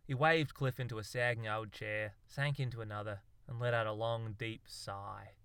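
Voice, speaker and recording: A man's voice: mid-range voice, normal speed, hardly any pauses, a bit bright, smooth, no echo. A man narrating a comic story in a dry, wry way. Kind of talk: audiobook narration.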